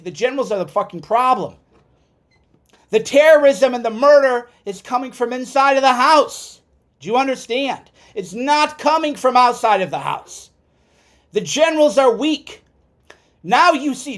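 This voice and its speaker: A man ranting as a political commentator, swearing and heated, swinging between loud outbursts and low muttered asides. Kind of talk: angry livestream rant.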